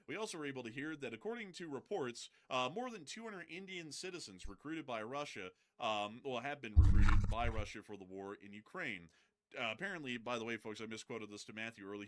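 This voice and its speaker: Male stream host, mid-range voice, casual news commentary, cracks jokes, lots of fillers. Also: medium pitch. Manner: joking, loose and chatty, with frequent fillers.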